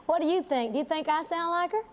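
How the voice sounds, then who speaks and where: A woman's voice: extremely high pitch, quick pace. An older woman with a Southern American accent, a guest on a chat show, playful and giggly. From United States. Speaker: guest singer. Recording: noisy studio.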